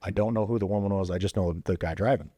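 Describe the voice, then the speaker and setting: A man's voice: low-pitched, fast, warm tone, husky, no echo, clean studio sound. A man, a former police officer and veteran, casually telling a story as a podcast guest, with loose fillers and quoted dialogue acted out with sudden voice jumps. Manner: loose, with many fillers like "you know" and "like".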